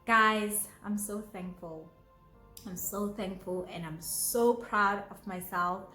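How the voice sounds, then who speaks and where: A young South African woman vlogging to camera, bubbly and giggly, with sudden high exclamations. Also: slow, sharp tone, echoey room, faint music behind. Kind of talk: casual chat to camera.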